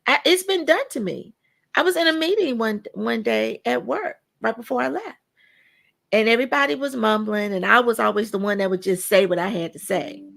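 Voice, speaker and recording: She speaks with a slightly high, creaky voice as a podcast guest. Her stories are told animatedly, with the people she quotes acted out, and she stays casual and emphatic, repeating words for emphasis.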